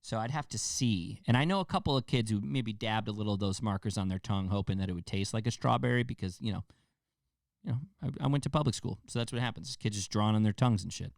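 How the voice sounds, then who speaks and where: A man's voice: on the low side, fast, gravelly, dry recording, clean studio sound. A young man hosting a podcast, rambling and joking casually with plenty of profanity. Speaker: podcast host. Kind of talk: casual monologue.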